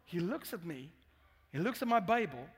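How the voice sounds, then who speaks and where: A Swedish-accented male pastor tells a humorous, candid story from the pulpit. His voice sits high for a man. A long hall reverb trails after every phrase. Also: very animated, moderate pace, breathy edge. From Sweden. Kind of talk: sermon.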